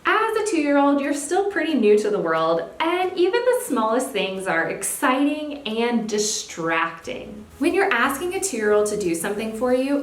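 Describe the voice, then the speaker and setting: A young woman, a speech therapist, giving parenting tips in a clear, upbeat teaching manner. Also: a little high. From California. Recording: echoey room, faint background hiss.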